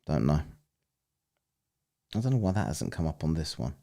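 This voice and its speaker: A man's voice: very deep voice, big pitch swings, moderate pace, warm tone. A man hosting a casual live-stream, rambling, swearing and laughing as he plays listener clips. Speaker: streamer hosting a soundbite contest.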